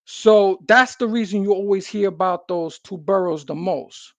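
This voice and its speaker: A man's voice: high voice, moderate pace, no echo, muffled recording. A man, talking casually and emphatically in street slang as a guest. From New York City. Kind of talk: casual conversation.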